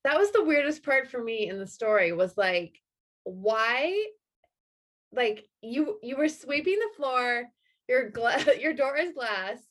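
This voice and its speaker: A woman's voice: on the high side, expressive, slow. A woman co-host in casual chat, musing aloud with restarts.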